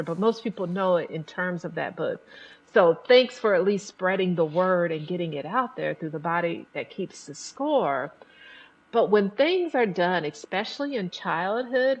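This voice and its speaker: A woman psychotherapist hosting a podcast, explaining trauma in an animated way and briefly acting out the people in her examples. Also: lowish voice, dull audio. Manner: animated, acts out voices in examples. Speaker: psychotherapist host.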